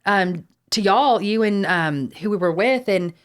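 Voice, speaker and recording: A woman's voice: medium pitch, lively intonation, unhurried. A woman from Texas with a Texan accent, telling personal stories as a podcast co-host. She talks in a chatty, rambling way and swears freely. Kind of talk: casual podcast storytelling.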